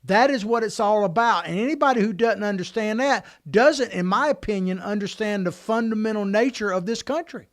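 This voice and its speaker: A man co-hosting a political podcast, talking emphatically in an animated way. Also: sits high. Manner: animated, emphatic, quick restarts. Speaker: podcast co-host.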